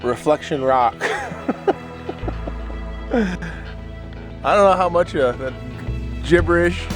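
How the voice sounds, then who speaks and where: A man's voice: a little high, animated, slow, over music. A man vlogging his solo hike in a casual, playful, rambling way, talking outdoors by a lake into a handheld camera. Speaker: solo hiker filming his trip. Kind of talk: casual trail vlog.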